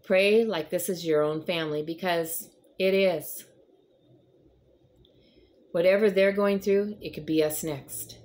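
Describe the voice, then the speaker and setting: A woman's voice: fairly low pitch, a little slow, long pauses, darkish tone. A woman giving a casual devotional talk in an earnest, encouraging way, rambling a little with frequent fillers. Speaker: host of a devotional chat.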